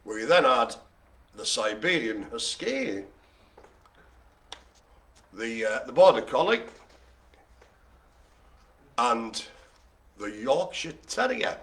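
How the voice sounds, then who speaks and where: A man's voice: mid-range voice, sing-song, slow, pauses often, a bit bright. A man hosting a live bingo game, joking and rambling in playful banter. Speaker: host.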